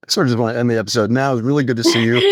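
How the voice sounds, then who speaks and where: A man co-hosting a podcast in casual chat, chatty and quick to laugh. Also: medium pitch, no echo, studio quality. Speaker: podcast co-host.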